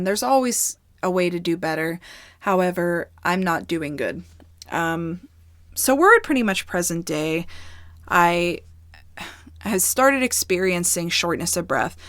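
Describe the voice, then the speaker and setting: Breathless woman, low and dry. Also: a bit bright, no echo. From United States. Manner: rambling, candid, filler-heavy. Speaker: ASMR storytime creator. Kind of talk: casual storytime chat.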